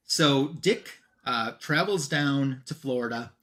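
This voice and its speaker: Animated man retelling a comic story. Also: normal speed. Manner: animated, swings in pitch and loudness, many ums. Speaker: comic review show host.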